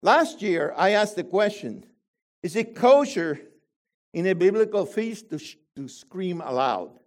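Older man preaching slowly, rising tones. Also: high-pitched. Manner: animated, rhetorical questions to the congregation. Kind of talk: sermon.

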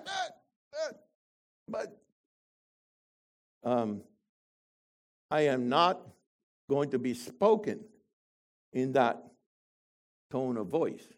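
An older man delivers a sermon at an unhurried, deliberate pace. His voice sits a little high for a man, and he keeps turning to the congregation with rhetorical questions. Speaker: preacher.

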